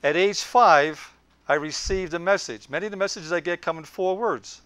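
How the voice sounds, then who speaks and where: A man's voice: high-pitched, normal speed, fairly bright tone, smooth, no echo. A man, giving an anecdotal lecture to a group. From Brooklyn, New York. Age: 70s. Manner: anecdotal, leans in on quoted lines. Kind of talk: storytelling lecture.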